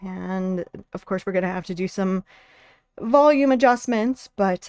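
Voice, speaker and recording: A woman streams from home, chatting casually and thinking aloud while she sets things up, as faint lo-fi music plays behind her. Her voice is medium-pitched and a little mellow, at a moderate pace, with no room sound.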